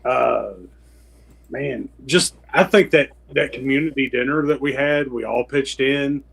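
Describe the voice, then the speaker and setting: A man's voice: medium pitch, measured pace, gravelly, a bit bright, breathy edge, rough recording. A man co-hosting a podcast, chatting casually with friends, joking and trailing off into restarts. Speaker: podcast co-host. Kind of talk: casual chat.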